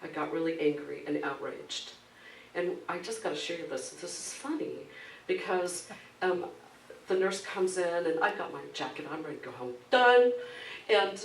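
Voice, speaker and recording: Lively woman minister in an echoey church. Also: fairly low pitch, slight background noise. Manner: animated storytelling, laughs often, acts out quoted voices. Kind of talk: conversational sermon with personal story. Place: church sanctuary. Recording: echoey room, mic at a distance.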